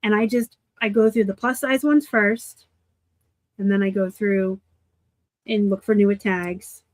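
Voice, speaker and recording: A woman from Arizona hosting a casual live unboxing of thrift finds, chatty and quick to laugh at herself. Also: medium pitch, fairly even intonation, no room sound. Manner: chatty, laughs easily, self-deprecating asides. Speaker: reseller host.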